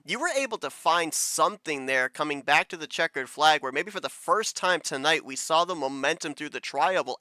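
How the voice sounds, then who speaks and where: A man interviewing a driver after a race, asking long, detailed questions in a measured way. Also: a little high, pushed and bright, no room sound.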